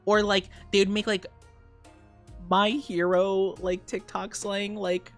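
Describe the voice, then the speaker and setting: Young woman streamer, giggly, rambly, mid-pitched, soft music underneath. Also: level tone, slow pace. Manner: giggly, rambling, playful with voices. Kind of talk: casual chat.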